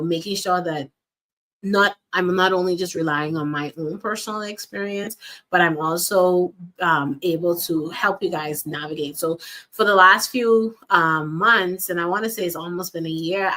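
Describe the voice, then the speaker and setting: Lower-voiced woman giving earnest faith talk. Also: sharp tone. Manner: earnest, repeats key phrases, addresses listeners directly. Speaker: faith-based life and wellness coach. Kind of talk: faith-based motivational monologue.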